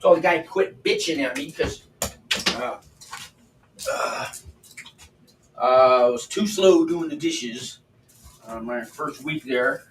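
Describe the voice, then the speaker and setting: Slow, with long pauses, an older man's slightly high voice drifts in from a distant mic as he cooks in his home kitchen. He's a livestream host telling stories in a blunt, profane, chatty manner, and the roomy off-mic sound carries faint background noise.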